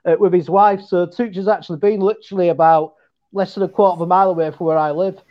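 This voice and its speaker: A man's voice: sits high, steady tone, fast talker, muffled recording. An English man from Yorkshire with a Yorkshire accent, a guest in casual chat who laughs often and stammers through restarts. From England.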